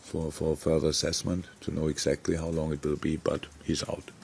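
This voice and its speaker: A middle-aged football manager answering press questions frankly, with many restarts. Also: male voice, rumbling low, flat delivery, a little fast, vocal fry, a little mellow, a little hiss or hum. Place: press conference room.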